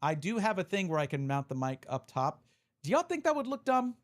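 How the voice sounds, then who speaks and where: A man's voice: sits high, big pitch swings, a little fast. A man live-streaming, chatting casually and reading out viewer messages as he opens card packs. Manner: chatty, reads chat aloud, restarts often.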